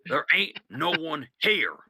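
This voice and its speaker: A man's voice: sits high, very animated, moderate pace, vocal fry, bright, forceful tone, no room sound, pitched above the performer's own voice, full character voice. A man putting on a blustering old-time outlaw boss. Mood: exasperated. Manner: old-timey rural drawl, "ain't" and "consarn it". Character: gruff folksy outlaw boss, man, bossy and flustered.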